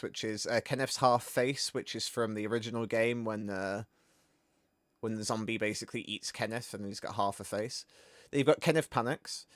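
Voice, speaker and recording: A man hosting a game stream, chatting casually in a rambling, animated way. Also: mid-range voice, dry recording, studio quality. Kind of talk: casual chat.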